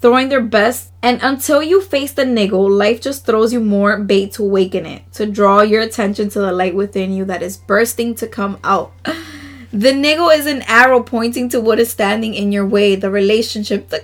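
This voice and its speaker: A woman hosts a casual solo podcast, reading oracle cards aloud earnestly and emotionally, laughing often and adding slangy asides. Her voice is medium-pitched at normal speed.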